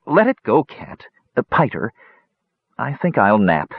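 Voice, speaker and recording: A man's voice: medium pitch, huge pitch swings, unhurried, gravelly, slightly rough, dry recording, narrow, tinny audio, heavily acted. A man voicing a confused, sleepy young male squirrel who talks in a plaintive, drowsy way.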